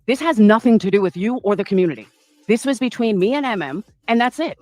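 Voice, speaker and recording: A woman's voice: mid-range voice, lively intonation, fast talker, a little mellow, no room sound. A woman on a livestream panel, defensive and dismissive as she pushes back in an argument. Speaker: panel guest.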